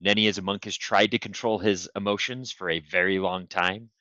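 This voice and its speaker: Low-voiced man, dull lo-fi sound. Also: fairly even intonation, brisk, bright, forceful tone, no room sound. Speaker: player. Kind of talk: describing his character's actions and feelings.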